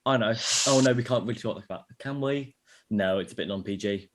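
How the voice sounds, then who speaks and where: A man's voice: lowish voice, brisk, a crowd in the background. A man co-hosting a casual fan podcast, rambling and jokey, with lots of restarts and fillers. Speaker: podcast co-host. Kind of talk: casual chat.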